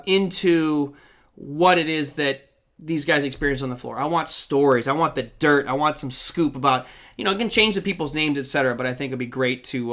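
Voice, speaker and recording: A male host on a live stream talks quickly in a bright, forceful voice that sits a little high. He chats with energy, rambling and filling gaps with ums and uhs as he speaks into his desk microphone. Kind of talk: live online trading show chat.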